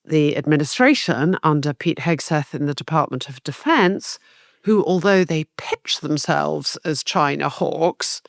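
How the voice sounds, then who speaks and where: A woman's voice: low voice, no room sound, clean studio sound. A woman co-hosting a political podcast, laying out her points in a structured, analytical way. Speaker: podcast co-host.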